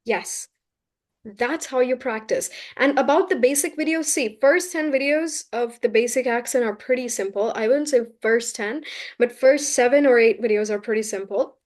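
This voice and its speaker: Woman, teacher, somewhat high voice, firm, corrective, live online class, video call. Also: moderate pace. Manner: firm, corrective, explains with examples. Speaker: English accent teacher.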